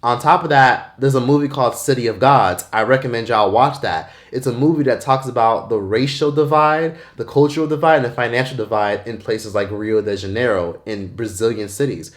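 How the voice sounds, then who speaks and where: A man's voice: medium pitch, a little fast, hardly any pauses. A man talking bluntly and emphatically in a casual commentary vlog, swearing freely. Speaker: vlogger.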